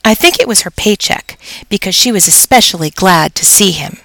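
A woman narrating a children's story aloud in first person, expressive and storytelling. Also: mid-range voice, moderate pace, no room sound, low-quality recording. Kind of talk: audiobook narration.

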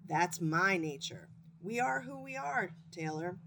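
A woman doing a calm, confident skunk. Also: lowish voice, a little slow, gravelly, slight background noise, full character voice. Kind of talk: storybook read-aloud.

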